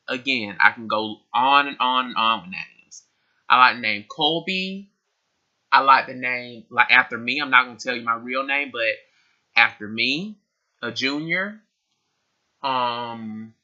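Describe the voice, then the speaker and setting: A man's voice: mid-range voice, measured pace, bright, forceful tone, dull audio. A young man answering questions in a casual tag video, chatty and laughing often as he repeats himself. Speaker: vlogger. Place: his room.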